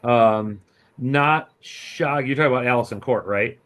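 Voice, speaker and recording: A man hosts a podcast in a relaxed, conversational tone. His mid-pitched voice is unhurried and friendly, and he uses plenty of casual fillers as he talks with his guest. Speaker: podcast host. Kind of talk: casual chat.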